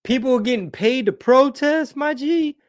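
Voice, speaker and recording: A man's voice: very high-pitched, moderate pace. A man hosting a casual live stream, reading viewer comments in a rambling, slangy way and dropping Spanish words.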